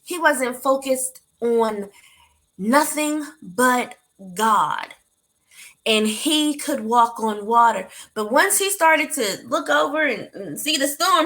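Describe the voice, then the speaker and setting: Woman, talk show host, bright forceful voice, animated, heartfelt, motivational storytelling. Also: fairly high pitch, takes it slowly. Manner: animated and heartfelt, speaks to listeners directly.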